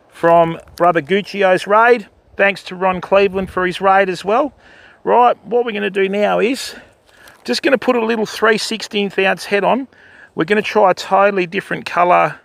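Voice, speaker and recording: Gravelly older man chatting. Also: sits high, a bit bright, no echo. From Australia. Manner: chatty, greets viewers by name. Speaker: fishing livestream host. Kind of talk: casual livestream chat. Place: outdoors by a river.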